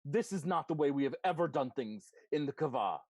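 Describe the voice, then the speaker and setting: A man's voice: on the high side, lively intonation, fairly quick, a little mellow, no room sound, pitched above the performer's own voice. A man voicing a stern, formal male warrior leader in a tabletop game, scolding and firm. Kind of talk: tabletop game role-play.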